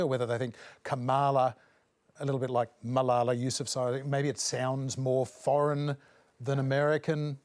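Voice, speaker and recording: An Australian man co-hosting a news analysis show, explaining things in a measured way and putting questions to a guest. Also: medium pitch, fairly even intonation, a little mellow. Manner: measured, explanatory, frequent affirming murmurs. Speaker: co-host and interviewer. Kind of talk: current affairs panel and interview.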